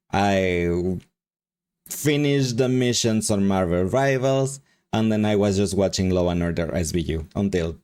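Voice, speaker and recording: A man's voice: deep voice, darkish tone. A man with a Mexican accent chatting casually with his live stream chat, rambling and laughing often. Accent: Mexican Spanish.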